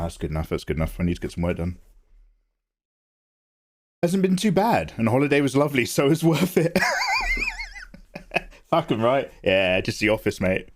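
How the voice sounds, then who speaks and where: A tired man chatting casually on a livestream, joking with viewers and reading their names aloud. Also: medium pitch. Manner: joking, animated, reads out viewer names and replies to chat. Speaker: art livestreamer.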